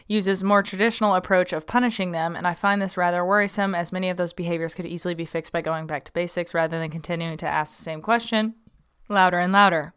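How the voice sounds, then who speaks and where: A woman's voice: lowish voice, fairly bright tone, clear, resonant tone. A young woman hosting a casual podcast, reading out a listener's question and chatting about it with many ums and likes. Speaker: podcast host.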